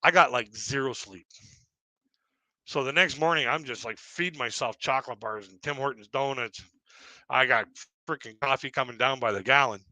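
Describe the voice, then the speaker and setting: A Canadian stand-up comedian with a medium-pitched voice, speaking at a moderate pace, tells rambling, self-deprecating stories on a live stream and laughs at his own jokes. His tone is bright and forceful, and the recording is dry.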